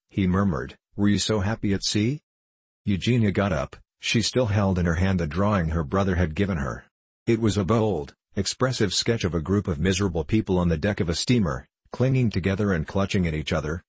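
A man reading a classic novel aloud in a measured, unhurried way, with a husky voice. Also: deep voice, no room sound. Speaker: audiobook reader.

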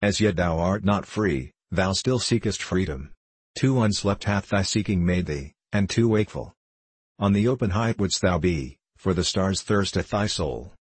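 A man's voice: sits low, lively intonation, breathy edge, no echo. A man reading as a grave, solemn prophet. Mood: gentle counsel. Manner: measured, unhurried reading of archaic speech. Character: solemn wise male prophet, calm and grave.

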